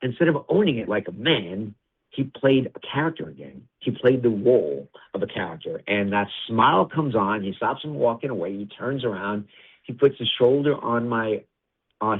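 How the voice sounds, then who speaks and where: Brief: middle-aged man, interview guest, rapid blunt storytelling, low husky voice, tinny phone-like audio. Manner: animated, blunt, swears freely, acts out dialogue. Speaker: guest, wrestling TV producer.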